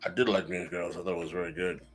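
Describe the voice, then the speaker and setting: A man co-hosting a podcast, chiming in casually with quick facts. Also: low-pitched, level tone, faint music behind. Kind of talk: casual chat.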